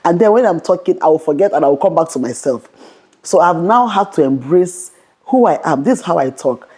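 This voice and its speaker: A young adult woman vlogger giving a fast, bold motivational Christian talk to camera, often repeating "okay". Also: lowish voice, lively intonation, a little mellow, husky.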